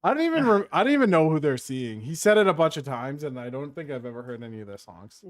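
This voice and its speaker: Wisecracking podcast dad, lively voice. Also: male voice, fairly high pitch, fast talker, dry recording. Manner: joking, deadpan quips. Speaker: podcast co-host. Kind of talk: casual chat.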